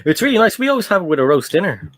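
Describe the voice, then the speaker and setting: A man's voice: high-pitched, very animated, very fast, a bit bright. A man hosting a casual livestream, telling rambling stories full of ums. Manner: rambling storyteller, many ums. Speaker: livestream host. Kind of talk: casual chat while building.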